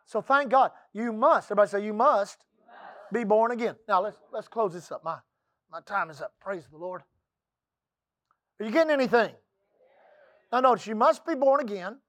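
A high-pitched male preacher from the Texas coast, delivering a folksy church sermon. He calls out for amens and slips into a hushed low voice for quotes. The sound is dry and close. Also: animated, normal speed, long pauses, dry recording.

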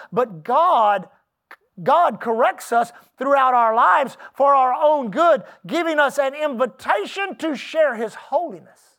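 This middle-aged pastor has an extremely high, slightly bright voice. In his sermon he relates a personal story in a folksy, emphatic manner, with asides to the congregation.

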